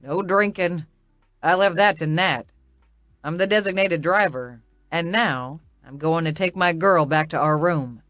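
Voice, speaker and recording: A woman narrator voicing a calm young man in an audiobook, speaking matter-of-fact and steady. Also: fairly low pitch, measured pace, no room sound, soft background music. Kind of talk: audiobook character voice.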